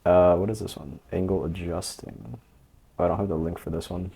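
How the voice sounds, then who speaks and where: A man coaching in a casual instructional voice-over, relaxed and loose, with lots of fillers. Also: low voice, brisk, creaky, husky. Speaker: dating coach.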